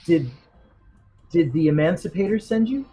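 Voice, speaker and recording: A man's voice: on the high side, expressive, moderate pace, warm tone, slightly rough, soft background music. A man voicing a confused woman just woken from cryosleep, panicky and disbelieving. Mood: anxious.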